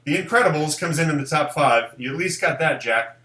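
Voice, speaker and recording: A man hosts a live stream in a loose, joking way, his voice bright and a little high for a man. The room is echoey around him. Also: fairly quick. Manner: animated, jokey, does mocking high voices. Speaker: live show host. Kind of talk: casual live-stream chat.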